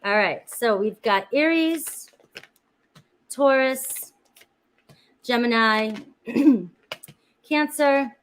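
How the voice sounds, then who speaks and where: Woman, tarot reader, chatty live reading, fairly high voice. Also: very slow, pauses often, clean tone, rough recording. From Florida, USA. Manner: chatty, talks to viewers by name.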